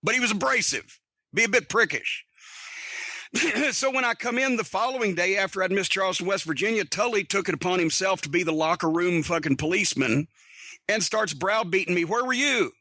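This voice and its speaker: Middle-aged guy on a podcast, high sharp voice, swears a lot, blunt wry stories, dry close mic. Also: brisk, no room sound. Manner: blunt, profane, wry storyteller. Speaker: podcast host. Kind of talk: casual storytelling monologue.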